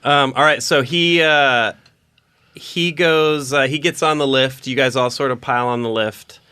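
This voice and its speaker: A man's voice: medium pitch, unhurried, bright, forceful tone, smooth. A man narrating a tabletop game as dungeon master, rambling with lots of fillers. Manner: rambling, many fillers and restarts.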